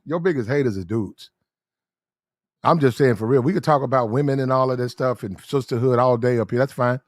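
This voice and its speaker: A man giving blunt, slang-heavy dating advice in casual talk, drawing out his words slowly when he lists details. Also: medium pitch, steady tone, dry recording, studio quality.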